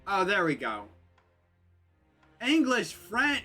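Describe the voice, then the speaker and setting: A man's voice: on the high side, expressive, moderate pace, sharp tone, faint music behind. A man chatting casually and joking with mock French asides while live-streaming a video game.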